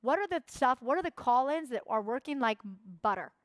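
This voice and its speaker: A young woman leads a coaching workshop in a fairly high voice. She drives her points home by repeating phrases and slipping into quoted voices. The sound is close and dry. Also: expressive, brisk, no room sound. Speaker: workshop instructor.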